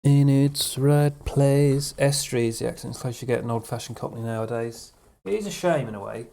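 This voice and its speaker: A man's voice: mid-range voice, quick pace, vocal fry, a little mellow. A man from Suffolk, England, chatting casually and wryly on a live stream in a rambling manner. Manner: rambling, wry. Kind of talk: casual chat.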